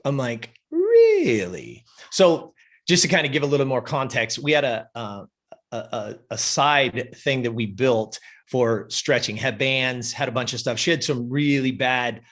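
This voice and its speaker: A man who runs a gym and coaches, telling an animated story in an interview, swearing freely and getting fired up. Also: medium pitch, normal speed.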